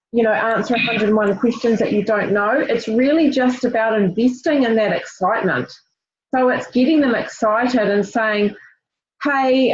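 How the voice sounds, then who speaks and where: A woman with a fairly high voice coaches her team on a group call. She talks directly and encouragingly, full of fillers and restarts. The audio is dull and lo-fi. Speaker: team leader.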